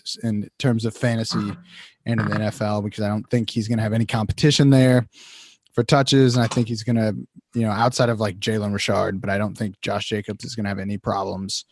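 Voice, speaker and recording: A man explaining his choice in a casual podcast chat, halting and hesitant with many fillers. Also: fairly low pitch, dry recording, studio quality. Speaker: fantasy football panelist.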